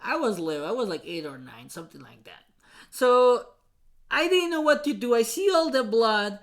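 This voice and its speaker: A woman from Mexico hosts a podcast and tells a painful story from her own life. Her voice sits a little high. She talks haltingly, restarting sentences and leaning on many fillers. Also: big pitch swings. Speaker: podcast host. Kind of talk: personal storytelling.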